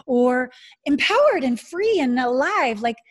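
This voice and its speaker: A woman's voice: sits high, very animated, a little slow. A woman hosting a casual conversation, talking with enthusiasm and acting out inner voices.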